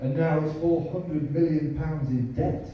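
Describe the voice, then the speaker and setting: A man's voice: fairly high pitch, steady tone, unhurried, slight background noise. A man in his thirties with a Yorkshire accent, doing a chatty stand-up set and bantering with the crowd. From Yorkshire, England. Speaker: stand-up comedian. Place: comedy club. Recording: echoey, distant, dull club recording.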